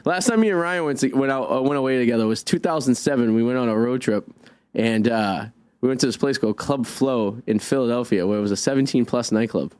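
A man's voice: mid-range voice, a little mellow, dry recording. A man co-hosting a radio show, teasing his partner and telling stories. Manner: quick, teasing, storytelling. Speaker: co-host. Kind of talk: casual radio banter.

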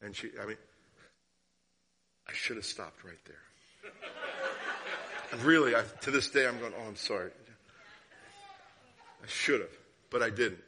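A man preaching a sermon as guest speaker, telling a story and asking the listeners questions, sometimes dropping to a hushed tone and sometimes rising. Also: medium pitch, measured pace, pauses often, a little hiss or hum. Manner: drops to hushed tones for story, rises for questions.

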